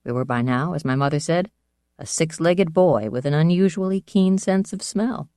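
An audiobook narrator reading a first-person fantasy novel in a measured, even storytelling manner. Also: medium pitch, smooth, dry recording, clean studio sound.

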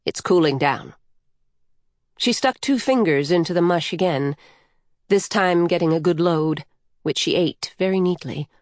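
A woman narrating a story in an unhurried, measured way. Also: on the low side, a little mellow, no echo, clean studio sound.

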